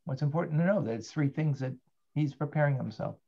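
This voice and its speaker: A man's voice: a little high, fast, vocal fry, mellow, muffled recording. A man teaching an interactive online Torah class as a rabbi. He asks his students questions and thanks them by name.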